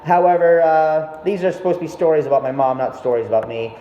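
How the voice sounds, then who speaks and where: A young man who vlogs talks fast in a fairly high, warm, level voice, telling a rambling story about his mother laced with profanity and frequent self-interruptions. The casual monologue was recorded in an echoey, dull room with faint background noise.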